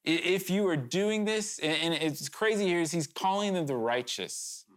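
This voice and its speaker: A man's voice: sits high, expressive, moderate pace. A man preaching a sermon to his congregation, earnest and urgent, talking conversationally with candid asides and sudden emphatic rises.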